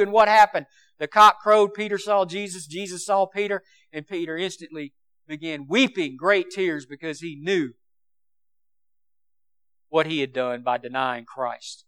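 A man preaching a sermon with passion, swinging between loud emphasis and quiet asides. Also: high-pitched, normal speed, clean tone.

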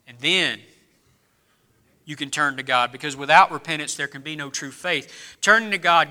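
A man preaching a sermon in a church, swinging between low, quiet lines and loud, rising appeals. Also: normal speed, pauses often. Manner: preaching with rising and falling intensity, dropping low then building loud. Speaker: pastor.

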